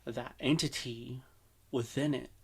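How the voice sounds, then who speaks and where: Slow, flat-voiced man reacting earnestly. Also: mid-range voice, creaky, husky. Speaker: reaction host. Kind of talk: casual commentary.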